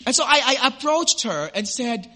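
A man preaching a sermon, telling a personal story with animated swings from loud to hushed, then preaching earnestly. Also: extremely high pitch, normal speed. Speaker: pastor.

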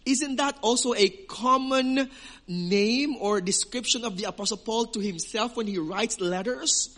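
A man's voice: very high voice, unhurried, a bit bright. A man preaching a sermon as pastor, emphatic, with rhetorical questions.

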